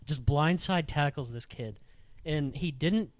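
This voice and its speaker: A man's voice: on the high side, a little slow, no echo. Young male podcast host; casual, profane storyteller, dry close studio sound. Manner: profane, rambling anecdotes with frequent fillers.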